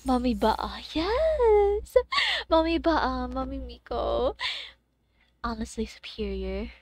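A young woman streaming a game, chatting casually with her viewers, excitable and swearing freely. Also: high-pitched, slow, dry recording. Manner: excitable, swears freely, gasps and shrieks in surprise.

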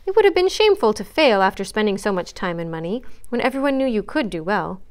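A woman reading aloud the part of a frank, observant young woman who gently scolds a friend. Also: mid-range voice, very animated, fast talker, lightly acted. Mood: lecturing. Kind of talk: read-aloud storybook dialogue.

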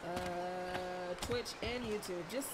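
A woman's voice: on the low side, takes it slowly, very noisy. A young woman streaming a game from home, chatting casually and rambling with lots of fillers. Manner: chatty, bubbly, rambling with many likes and ums. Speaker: gaming streamer. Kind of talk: casual let's-play commentary. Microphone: desk mic with webcam.

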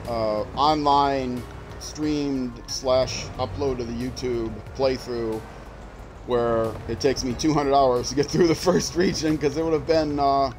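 While streaming a game, a man with a medium-pitched voice chats casually, musing aloud and restarting his sentences as he plays. The audio quality is poor.

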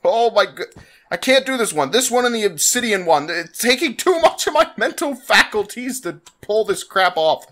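A man's voice: high-pitched, big pitch swings, moderate pace, pushed and bright. A man giving let's-play commentary, exasperated and exclaiming as he struggles, breaking into laughs and sighs. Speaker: gaming channel host.

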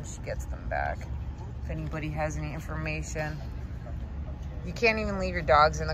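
A woman's voice: on the low side, noisy background. Chatty woman vlogging at a dog park. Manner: chatty, talks to her dogs in a cooing baby voice. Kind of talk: casual vlog chat.

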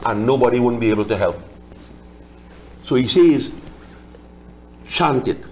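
Male pandit, chants verses then explains them line by line, mid-pitched voice. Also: expressive, unhurried, pauses often, darkish tone. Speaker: Hindu pandit discussing scripture. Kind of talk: religious discussion, reciting Sanskrit verses.

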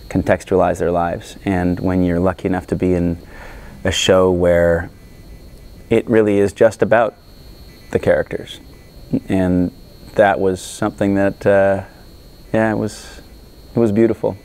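A man speaking thoughtfully in an interview, measured and reflective. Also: deep voice, little pitch movement, darkish tone. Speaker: actor guest.

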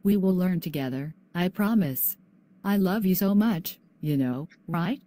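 A woman's voice: fairly low pitch, expressive, a little slow, dark tone. A female student voicing a loving mother who reassures her daughter in a class video. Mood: tender. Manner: tender, reassuring.

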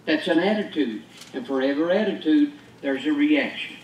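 A man's voice: on the high side, animated, moderate pace, highs cut off, slight background noise. A pastor preaching a sermon, pressing his points with rhetorical questions and emphatic declarations to a congregation. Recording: echoey church from far off.

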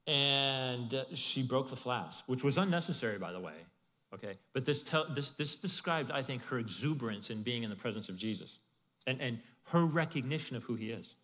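A male pastor giving a sermon in a conversational, animated way, with asides to the congregation. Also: medium pitch, in a large hall. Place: church in Arizona.

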